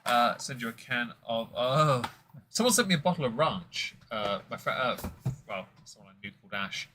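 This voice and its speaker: A man's voice: medium pitch, lively intonation, moderate pace, sharp tone, a little hiss or hum, rough recording. A man hosting a casual whisky tasting stream, rambling and joking with many fillers.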